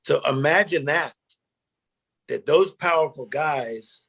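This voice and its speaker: A middle-aged man, a guest speaker, telling animated personal stories in a chat and acting out the quotes. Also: a little high, slow, creaky. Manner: animated storyteller, acts out quotes, emotional. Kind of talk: storytelling interview chat.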